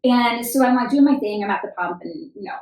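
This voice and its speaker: A woman's voice: on the high side, lively intonation, brisk, a little mellow. A woman hosting a podcast interview, chatting casually and reacting with exclamations. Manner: reactive, exclaiming, laughs often. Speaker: podcast host. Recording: echoey room, distant mic.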